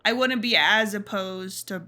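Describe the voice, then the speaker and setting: A young adult woman streaming a game, chatting casually in a relaxed, drawling way. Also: medium pitch, unhurried. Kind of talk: casual chat while gaming.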